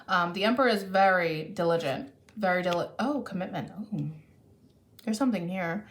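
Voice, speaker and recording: A fairly quick, mid-range female voice belongs to a tarot reader doing a casual, caffeinated reading. Talkative, she thinks aloud as she goes, breaking off, restarting, and self-correcting.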